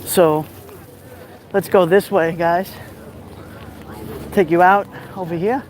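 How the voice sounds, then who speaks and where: High, rough-voiced Brooklyn man outdoors. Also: fairly even intonation, slow, background noise. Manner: chatty, gives shout-outs while walking. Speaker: live streamer. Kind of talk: casual live-stream walking tour. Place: outdoors at a beach boardwalk.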